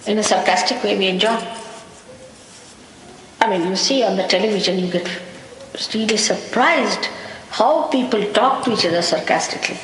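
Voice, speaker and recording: A woman's voice: medium pitch, moderate pace, long pauses. A woman gives a spiritual talk in a wry, storytelling way, chuckling now and then. Her voice rings around a large hall with a long tail of reverb. A faint hiss runs under the old tape. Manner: anecdotal, wry, with small laughs. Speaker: spiritual teacher. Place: lecture hall in London.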